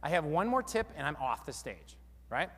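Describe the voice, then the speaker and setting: A man giving a lively live seminar talk on stage, quizzing the audience as he goes. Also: on the high side, moderate pace, long reverb tail, slight background noise. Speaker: seminar speaker. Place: large hall with a live audience.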